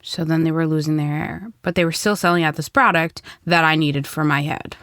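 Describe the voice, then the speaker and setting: A woman's voice: sits low, fairly even intonation, fairly quick, fairly bright tone, no room sound, clean studio sound. A woman co-hosting a podcast, giving blunt, practical advice in a casual chat. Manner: gives blunt practical advice, matter-of-fact. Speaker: podcast co-host.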